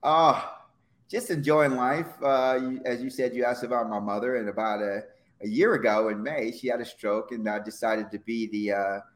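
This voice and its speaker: A middle-aged former football player talking on a podcast in a relaxed, reflective way. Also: male voice, fairly low pitch. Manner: reflective, lots of fillers and restarts. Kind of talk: casual podcast conversation.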